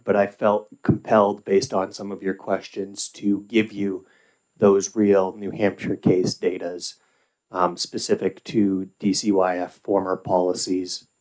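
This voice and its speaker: Deep, flat-voiced middle-aged man testifying. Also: rough recording. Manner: measured, with filler pauses. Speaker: parent testifying at a hearing. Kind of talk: formal public testimony. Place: legislative hearing room.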